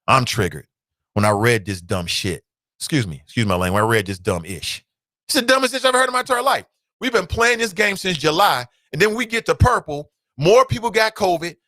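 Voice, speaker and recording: A man hosting a talk show, ranting bluntly with real heat and some cursing. His voice is bright and forceful, a little higher than most men's, and it sounds dry and close with almost no room echo. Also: big pitch swings, a little fast. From United States. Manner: blunt, fired-up ranting with swearing. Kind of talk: opinionated solo commentary.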